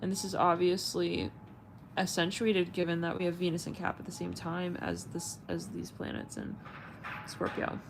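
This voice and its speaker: Rambling low-voiced woman tarot host. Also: flat delivery, moderate pace, vocal fry, background noise. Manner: rambling, searching for words, frequent fillers and swearing. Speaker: tarot reader and channel host. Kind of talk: casual livestream chat.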